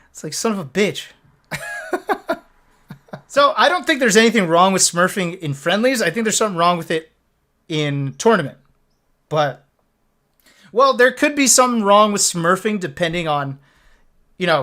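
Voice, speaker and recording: A man in his thirties, a streamer, telling a story casually on a live stream with lots of swearing and laughter. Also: high-pitched. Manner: animated, profane, laughing storyteller.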